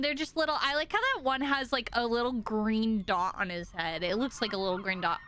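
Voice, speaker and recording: Excitable high-voiced woman streamer. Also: fairly quick, hardly any pauses, smooth. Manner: excitable, swearing, exclamatory. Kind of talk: casual livestream reaction.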